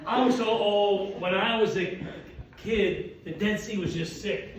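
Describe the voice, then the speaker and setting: A man's voice: high voice, distant mic, heavy background noise. Older man doing one-liners in an echoey hall. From Wilmington, Delaware, US. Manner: rapid one-liners with self-deprecating asides. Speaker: orthopedic surgeon telling jokes. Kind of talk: stand-up comedy at a dinner event. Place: banquet hall with audience. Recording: roomy hall audio with crowd laughter.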